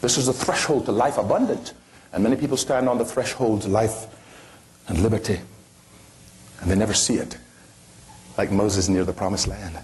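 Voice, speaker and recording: A man's voice: on the low side, normal speed, pauses often, darkish tone, slight background noise. A man giving an impassioned motivational speech to an audience, pressing his points with rhetorical questions and sweeping rises and falls in his voice. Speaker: motivational speaker.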